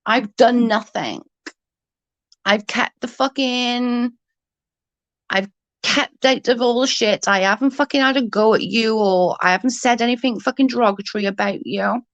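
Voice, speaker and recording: A woman's voice: fairly high pitch, unhurried, pauses often, no room sound, muffled recording. A young adult woman ranting heatedly in casual chat, swearing often and restarting her sentences. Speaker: livestream guest.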